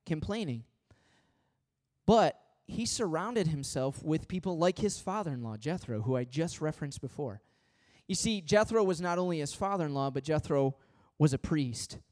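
Emphatic pastor preaching. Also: male voice, on the high side, a little mellow. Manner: emphatic, repetitive, anecdotal, talks straight to the congregation. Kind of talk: conversational sermon.

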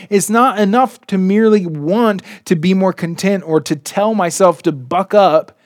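Slow, earnest man preaching a sermon. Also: high voice, darkish tone, no room sound, clean studio sound. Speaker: pastor.

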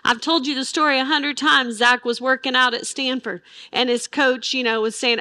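A woman's voice: high-pitched, fairly even intonation, moderate pace, few pauses, sharp tone, no room sound, clean studio sound. A middle-aged woman teaching the Bible with emphasis, asking her listeners rhetorical questions.

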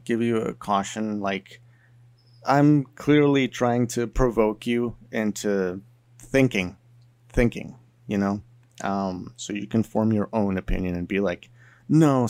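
Man, casual explainer, low gravelly voice, filler-heavy delivery. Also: a little mellow, no echo. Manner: chatty, many fillers like "you know". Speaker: video essayist on languages.

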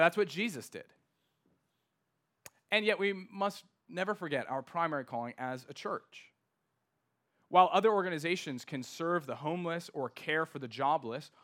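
A male pastor delivers a sermon with a bright, forceful voice pitched a little high. He is emphatic and slows right down to press home key words.

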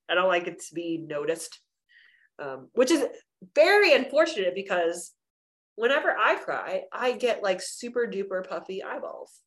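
A woman chatting casually as a podcast co-host. She rambles in loose run-on sentences packed with fillers and slips into playful voices when she quotes people. Her pitch sits in a middle range. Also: big pitch swings, measured pace, fairly bright tone. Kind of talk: casual chat.

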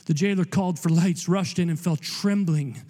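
High-voiced preacher in an echoing hall. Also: male voice, moderate pace, warm tone. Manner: emphatic, rambling, joking asides, repeats words. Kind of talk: sermon. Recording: long hall reverb.

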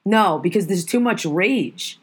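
A woman's voice: mid-range voice, lively intonation, a little slow, husky. A woman hosting a podcast, ranting heatedly and swearing often. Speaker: podcast host. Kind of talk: casual podcast rant.

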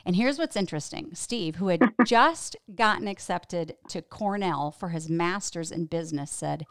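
A woman's voice: fairly low pitch, brisk, few pauses, clean tone, no room sound, studio quality. A woman hosting a faith podcast, giving an earnest scripted intro before chatting casually and expressively with her guest, laughing easily. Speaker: podcast host. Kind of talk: scripted intro, then casual interview chat.

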